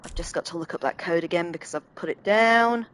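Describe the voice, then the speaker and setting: A woman's voice: lowish voice, fairly quick, a bit bright, low-quality recording. A woman casually commenting while playing a horror game, chatty and self-deprecating, thinking aloud. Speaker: let's play host.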